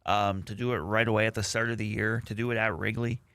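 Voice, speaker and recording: A man co-hosting sports radio in a bright, forceful voice at a middle pitch. He gives measured, analytical takes, padded with "like" and "you know". The studio sound is close and dry. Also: flat delivery, no room sound. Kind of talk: casual sports talk.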